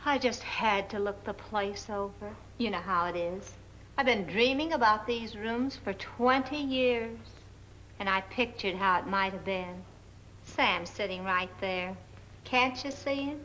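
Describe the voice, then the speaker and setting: A woman's voice: medium pitch, unhurried, sharp tone, a little hiss or hum, low-quality recording. An actress playing a dithery middle-aged woman who dreams aloud about a honeymoon, in 1940s film comedy style. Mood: wistful. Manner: fluttery, wistful, talking to an unseen husband.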